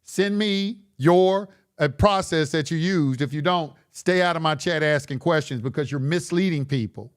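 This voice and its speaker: A man's voice: fairly high pitch, normal speed, few pauses, clean tone. A man hosting a live stream, reading chat questions and answering them in a blunt, lecturing way with casual slang, often repeating himself.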